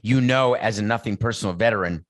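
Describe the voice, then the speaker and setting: A man's voice: lowish voice, quick pace, no room sound. A middle-aged man hosting a sports talk show, giving blunt, emphatic opinions off the cuff. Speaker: podcast host.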